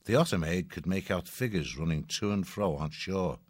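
A male audiobook narrator reading a story at a measured, even pace. His voice sits low. The recording is dry and close, with no room sound. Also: no echo.

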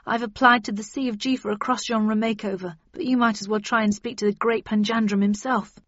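Gloomy loner detective guy, read by a woman, slow and hushed, husky voice on a dull recording. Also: on the high side, steady tone, dry recording. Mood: frustrated. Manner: brooding, slow, sometimes hushed. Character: gruff weary male maverick detective.

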